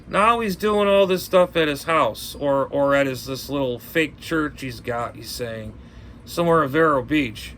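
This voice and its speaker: Ranting hobby vlogger: a blunt, cursing man talking from home, with a bright tone and faint background noise. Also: fairly high pitch, lively intonation, normal speed. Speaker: ham radio vlogger. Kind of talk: rambling casual chat.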